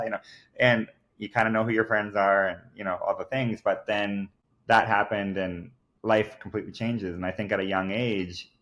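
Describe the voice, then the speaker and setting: Here a man speaks as a podcast guest, sharing a personal story in a fairly low-pitched, fairly bright voice. His manner is earnest and emphatic, packed with fillers such as "like" and "I kid you not."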